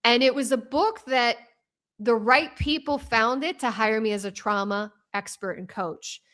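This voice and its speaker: Woman guest, trauma coach, animated and rambling, fairly high, bright voice. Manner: animated, fast and rambling with many restarts. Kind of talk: casual interview talk.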